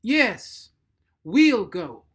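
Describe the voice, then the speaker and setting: A man voicing a big, belligerent woman servant in a storybook reading, booming and defiant. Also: lively intonation, slow, a bit bright, exaggerated voice.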